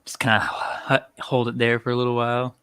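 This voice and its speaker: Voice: mid-range voice, monotone, quick pace, a bit bright, clean tone. Giggly, cheeky tabletop player.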